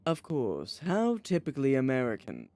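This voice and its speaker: A man's voice: medium pitch, huge pitch swings, normal speed, dark tone, dry recording. A man voicing an aloof, dismissive young woman in a story game, read in a cold, dry, cutting manner. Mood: curt.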